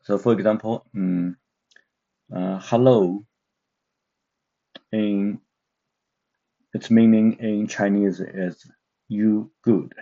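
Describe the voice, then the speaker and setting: A man gives a slow, careful language lesson, often pausing on filler sounds. His voice is low and mellow. The recording is dull and lo-fi. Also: fairly even intonation, gravelly. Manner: hesitant, many filler sounds. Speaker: Chinese language teacher.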